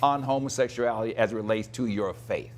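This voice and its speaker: A man hosting a talk show who asks his guests direct questions in a steady way. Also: on the low side, quick pace. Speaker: host.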